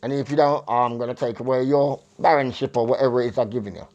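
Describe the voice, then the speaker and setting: A man's voice: mid-range voice, steady tone, fast talker, darkish tone, highs cut off, lightly acted. A man voicing a medieval English king who bluntly warns and threatens his neighbouring realms. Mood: stern.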